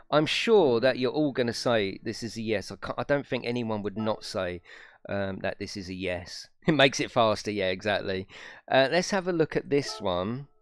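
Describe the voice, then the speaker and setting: A young man casually chatting on a live stream, swearing freely and laughing often. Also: fairly low pitch. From United Kingdom. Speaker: gaming streamer.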